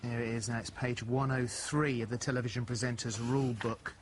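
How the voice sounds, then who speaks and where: A woman's voice: a bass voice, steady tone, brisk, heavy background noise. A woman presenting a daytime TV show, giggly and teasing with her co-host and guests. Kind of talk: live daytime TV chat.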